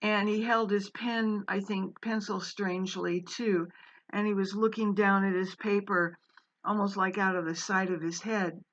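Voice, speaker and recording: Slow, meandering woman storyteller. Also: mid-range voice, little pitch movement, highs cut off. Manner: meandering, with frequent fillers and restarts. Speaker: former college English teacher. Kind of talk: casual personal storytelling.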